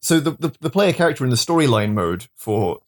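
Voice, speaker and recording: A man's voice: mid-range voice, very animated, fairly quick. A man co-hosting a casual chat, jokey, often restarting his sentences. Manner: jokey, acts out mock dialogue, frequent restarts. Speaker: podcast co-host.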